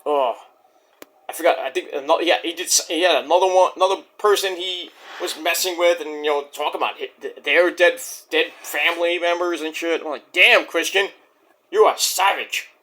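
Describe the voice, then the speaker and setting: A man giving a casual, rambling vlog review of a wrestling show, cursing freely and filling pauses with lots of "uh.". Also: on the high side, fairly even intonation, a bit bright. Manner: rambling, profane, many fillers.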